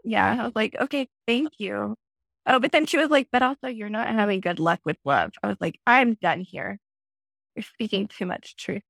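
A woman in her thirties, a podcast guest, telling a personal story in a lively way and acting out her own past lines. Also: normal speed, creaky, no room sound. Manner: animated, acts out her own past lines in a high excited voice. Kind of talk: conversational storytelling.

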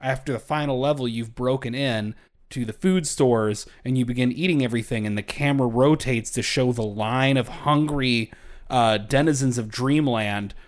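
A man from Kentucky co-hosting a podcast, riffing in animated, swearing casual chat. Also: mid-range voice, moderate pace. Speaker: podcast co-host.

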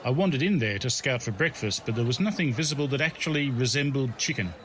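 A man telling his own comic travel story as scripted narration, in a wry, deadpan way. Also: medium pitch, quick pace, a little hiss or hum.

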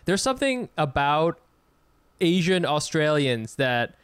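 A man's voice: a little high, very animated, takes it slowly, fairly bright tone, smooth, no room sound. A man hosting a podcast, chatting casually and laughing often. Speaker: podcast host. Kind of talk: casual chat.

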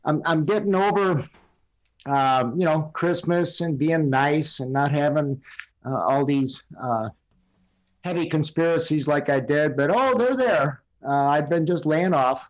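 A man's voice: fairly high pitch, animated, a little slow, lo-fi sound. An older man telling rambling stories and quiz questions on a casual podcast over a video call, full of fillers. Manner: rambling storyteller with many fillers. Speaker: recurring guest segment host.

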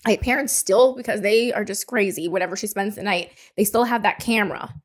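A woman co-hosting a podcast, telling a story in an animated, casual way with laughter and swearing. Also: medium pitch, brisk. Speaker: podcast co-host. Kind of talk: casual chat.

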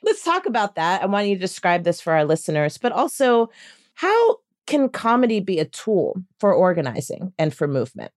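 Woman podcast host, animated pitch, casual and blunt, dry close mic. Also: normal speed, no echo. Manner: lively, swears casually. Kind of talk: casual interview.

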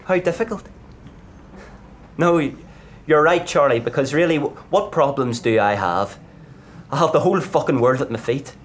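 A man's voice: on the high side, lively intonation, moderate pace, close to an everyday voice. A man playing a hard-drinking 24-year-old footballer star tormented by fame, in a live stage play performed in a pub. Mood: boastful bitter. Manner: bitter, self-mocking, brooding.

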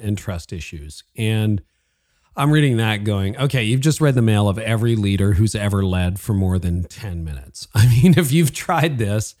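A man hosting an interview podcast, enthusiastic and affirming, dropping quick asides and laughs as he asks questions. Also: fairly low pitch, a little mellow. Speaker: podcast host.

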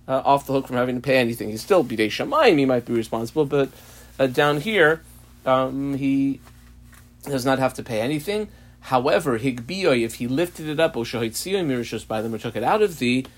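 A man teaching a page of Talmud in a study lesson, explaining slowly with frequent fillers and restarts. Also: mid-range voice. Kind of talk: daf yomi study lesson.

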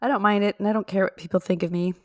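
A woman's voice: mid-range voice, steady tone, rapid-fire, a little mellow, dry recording, clean studio sound. A woman co-hosting a casual podcast with her husband, firm and teasing as she chides him. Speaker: podcast co-host. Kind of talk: casual chat between spouses.

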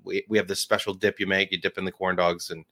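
A man with a fairly low voice co-hosting a podcast. He rambles through casual stories, leaning on fillers and restarting his sentences as he goes. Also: flat delivery, fast talker, bright, forceful tone. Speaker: podcast co-host.

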